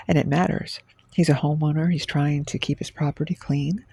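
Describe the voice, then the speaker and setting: A man giving a short devotional message in an earnest, gentle preaching manner. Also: fairly high pitch, vocal fry, breathy edge, no room sound. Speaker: Christian devotional speaker.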